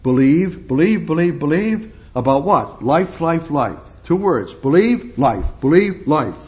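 A man's voice: a little high, very animated, a little slow, a little mellow. A man teaching a bible study sermon, reading verses aloud and then commenting on them with emphatic repetition. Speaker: preacher teaching scripture.

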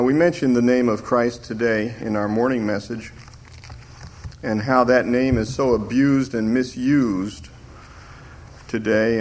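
An older man delivers a sermon at an unhurried pace. He stresses single words and lifts his voice for scripture. His pitch sits in the ordinary middle for a man. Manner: slow, emphatic preaching that rises on scripture quotes. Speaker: pastor.

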